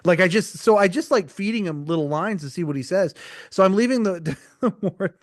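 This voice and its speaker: Man, middle-aged, joking, candid, light higher voice, dry close sound. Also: animated, normal speed, no room sound. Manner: joking, laughs often, candid. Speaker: podcast host. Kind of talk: casual chat.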